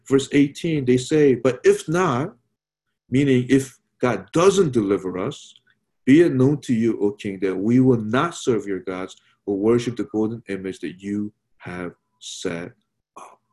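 Mellow-voiced man preaching a sermon. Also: medium pitch, moderate pace. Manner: earnest, rhetorical questions, repeats phrases.

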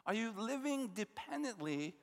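A pastor from New Jersey preaches a sermon conversationally, weaving in personal stories and rhetorical questions. His voice is extremely high, sing-song, and creaky, at a normal speed. The recording has the long reverb of a large hall.

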